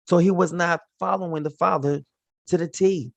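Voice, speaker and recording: A man with a fairly high voice teaches scripture casually and in slang. He acts out the characters' words as he retells the stories. The sound is dry and close. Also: moderate pace, gravelly, no room sound. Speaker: Bible teacher. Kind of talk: informal Bible teaching.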